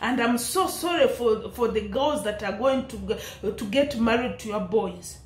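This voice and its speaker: Speaking a little slowly in a slightly high, expressive voice, a young woman with an East African accent comments on a public dispute for her vlog. She preaches and scolds with passion, laughing often between lines, in an echoey room.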